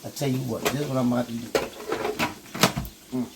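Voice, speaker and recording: A man with a gravelly, middle-pitched voice runs a casual cooking demonstration, chatting folksily with his viewers as he works. He sounds relaxed and talkative, calling out "boy" often. Food sizzles clearly in the pan behind him in the kitchen. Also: a little fast, heavy background noise. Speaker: host cooking on camera. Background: sizzling frying food.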